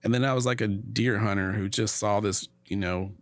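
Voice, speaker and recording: This middle-aged man, a guest on a podcast, animatedly recounts a lengthy story in casual talk and acts out the quotes of its characters. His lowish voice moves at normal speed in a clean, echo-free studio recording.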